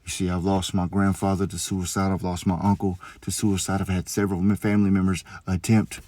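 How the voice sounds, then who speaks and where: A police officer speaking in a heartfelt storytelling monologue, earnest and encouraging. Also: male voice, sits low, level tone, brisk, warm tone, no echo.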